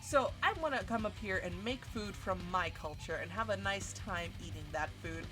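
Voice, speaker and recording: Young woman streamer ranting, swears a lot, super animated, music playing under her voice. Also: medium pitch, normal speed. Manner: animated, profane, exasperated. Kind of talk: casual storytelling rant. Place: home streaming setup. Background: background music.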